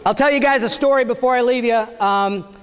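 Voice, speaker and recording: A middle-aged man performing a stand-up comedy set on stage, telling stories and acting out voices with big jumps in pitch. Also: a little fast, smooth, muffled recording. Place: theater stage before a live audience. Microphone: stage microphone. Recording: live theater recording with long reverb.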